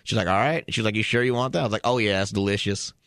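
A man's voice: fairly low pitch, very fast, fairly bright tone, no echo, clean studio sound. A man on a podcast casually telling a long anecdote, full of fillers and asides. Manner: rambling anecdote with many fillers. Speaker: podcast guest, producer. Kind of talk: casual chat, storytelling.

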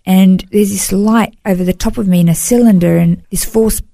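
A woman's voice: mid-range voice, fairly even intonation, normal speed, creaky, dark tone, dry recording. A woman, an interview guest, giving an earnest, emotional personal testimony and often saying "you know". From Australia.

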